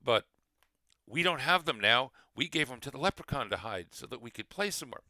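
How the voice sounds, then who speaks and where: A man's voice: mid-range voice, animated, brisk, sharp tone, no room sound, voice pushed up. A man doing tiny carefree brownies. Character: tiny, simple, happy playful fey brownies.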